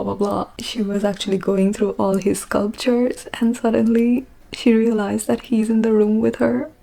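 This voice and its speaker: A young woman from Bangladesh gushes through a book recap, with giggles and hushed asides. Her voice is gravelly and low in brightness, with a mellow, warm tone. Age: young adult. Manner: gushing, animated retelling with giggles and whispered asides. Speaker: book vlogger.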